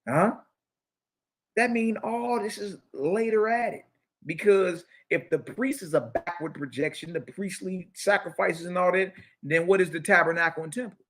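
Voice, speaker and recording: High-pitched mocking male commentator. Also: moderate pace. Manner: preachy, mocking, loud outbursts, slangy banter. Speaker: show host. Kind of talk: animated commentary reading from a book.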